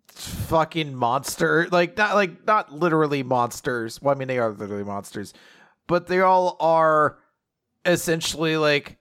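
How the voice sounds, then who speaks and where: A man's voice: medium pitch, fairly bright tone, clean tone. A man co-hosting a casual manga podcast who talks enthusiastically, swears freely and fills his sentences with "like". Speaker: podcast co-host.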